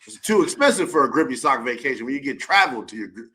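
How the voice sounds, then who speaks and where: A man's voice: mid-range voice, lively intonation, fast, sharp tone. A man co-hosting a casual sports radio show, teasing his partner with exaggerated outbursts. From United States. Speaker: co-host.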